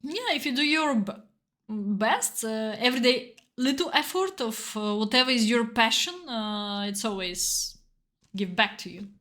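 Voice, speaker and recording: A woman from Bulgaria with a Bulgarian accent, chatting earnestly and emotionally on a live chess stream while playing blitz, in halting non-native English. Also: a little high, expressive, fairly bright tone. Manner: earnest and encouraging, with broken non-native phrasing.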